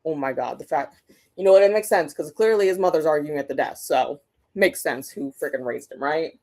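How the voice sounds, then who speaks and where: A woman's voice: sits low, brisk, darkish tone. A young woman hosting a reading stream, chatting casually and ranting with lots of swearing. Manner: ranting, profane, exasperated. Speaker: booktube livestream host. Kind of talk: casual chat during a reading sprint stream.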